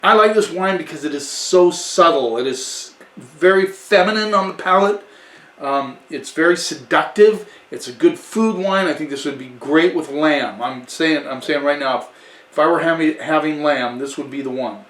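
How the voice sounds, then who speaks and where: A man's voice: fairly high pitch, normal speed, a bit bright, far from the mic. A man giving a casual wine tasting review in a chatty way, often restarting and correcting himself. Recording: echoey room, away from the mic.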